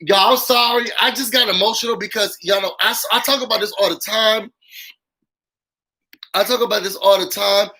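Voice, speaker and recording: A man's voice: sits high, normal speed, rough recording. A man hosting a casual live-stream show, talking straight to viewers with lots of fillers. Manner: animated, talks straight to viewers, heavy "y'all" and "um" fillers. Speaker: YouTube show host. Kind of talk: casual live-stream commentary with call-ins.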